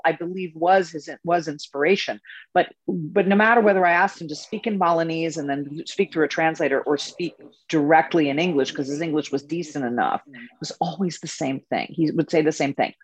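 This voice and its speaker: A woman spiritual coach and tour leader telling stories in a casual interview, animated and laughing often. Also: low-pitched, moderate pace, breathy edge, low-quality recording.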